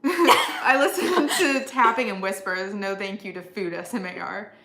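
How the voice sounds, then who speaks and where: A woman's voice: medium pitch, unhurried, bright, forceful tone, echoey room. A woman from Washington state hosting a casual vlog, chatty and encouraging, laughing often. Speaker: vlog host. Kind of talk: casual chat.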